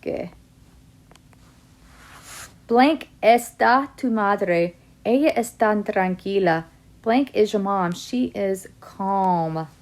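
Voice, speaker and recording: A woman with a slightly gravelly edge to her voice walks her students through a Spanish lesson. She reads example sentences in English and Spanish and explains each answer in turn, at a middling pitch. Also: very slow, long pauses. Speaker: Spanish teacher. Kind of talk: classroom lesson video.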